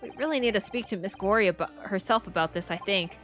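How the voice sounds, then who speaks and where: A woman's voice: mid-range voice, a bit bright, faint music behind, voice pushed down, lightly acted. A woman reading a polite, formal young assistant. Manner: formal, measured. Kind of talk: reading game dialogue aloud.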